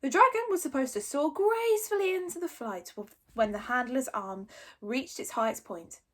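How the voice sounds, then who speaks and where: A woman reading a children's book aloud in a friendly, expressive manner. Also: sits high, normal speed. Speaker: storybook reader.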